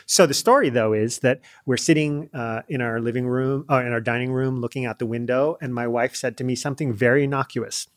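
Male interview guest at a middle pitch, talking casually and with animation. He tells stories in a loose, chatty way, acts out the lines he quotes, and uses plenty of filler words. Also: fairly quick, few pauses. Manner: lively storyteller acting out quoted lines; frequent fillers like "like" and "you know". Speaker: podcast guest, leadership coach. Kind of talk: conversational interview.

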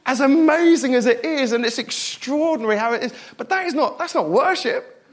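A middle-aged man preaching a sermon, animated and self-deprecating, moving from loud bursts to hushed, quiet passages. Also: very high voice, fairly quick.

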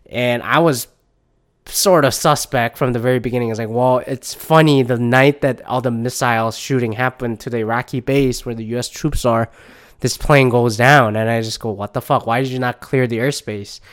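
A man hosting a casual solo podcast, rambling and swearing often, low on energy and under the weather. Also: fairly even intonation, moderate pace. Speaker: podcast host.

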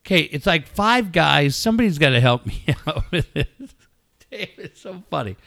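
A middle-aged man with a fairly high, bright voice that swings widely in pitch as he tells stories. He co-hosts a radio show in casual banter. He curses freely and acts out yelling scenes with gusto. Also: normal speed, creaky, no echo, clean studio sound. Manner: excitable storyteller, mimics yelling, swears freely. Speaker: radio co-host.

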